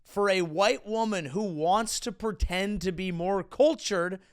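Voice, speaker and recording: A man's voice: high voice, measured pace, smooth. A man hosting a comedic podcast, ranting with sarcastic, mocking riffs. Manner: sarcastic, mocking, lively riffing. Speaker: comedian and host.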